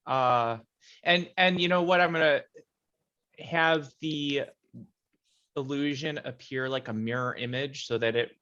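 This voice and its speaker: A man's voice: mid-range voice, fairly bright tone, lo-fi sound. A man playing a tabletop game, thinking aloud and planning his moves step by step. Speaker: player.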